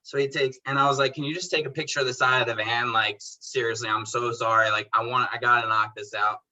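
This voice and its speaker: With a mid-range voice at a quick pace and lo-fi sound, this man runs a detailing business and is a guest in a casual podcast interview. He's a lively storyteller who plays both parts of past conversations, relaxed and slangy, tossing around bro and dude.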